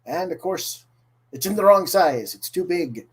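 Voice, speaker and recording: A male host chatting casually about his week's comic book haul in a deliberately bad, exaggerated put-on Irish accent, with frequent "mm-hmm" fillers. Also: high-pitched, animated, husky, low-quality recording.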